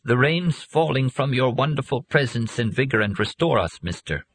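Frail wavery martian native guy, man doing the voice, high and thin, humble. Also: expressive, moderate pace, fairly bright tone, husky, no echo. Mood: pleading.

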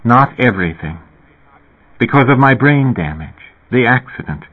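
A man voicing a calm, impassive, all-knowing boy with measured, solemn speech, through a tinny radio sound. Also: medium pitch, husky, voice pushed up.

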